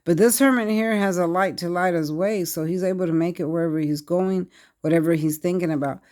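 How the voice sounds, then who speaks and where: A tarot reader, talking to viewers in short, halting, repetitive bursts of earnest speech. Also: mid-range voice, darkish tone. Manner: earnest, addresses viewers directly. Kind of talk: tarot card reading monologue.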